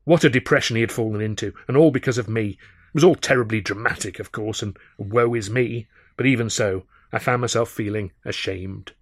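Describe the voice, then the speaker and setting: A man reading his own novel aloud in brooding, measured first-person narration, often sinking quiet. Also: fairly low pitch, slightly rough, no room sound, clean studio sound. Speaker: author and narrator.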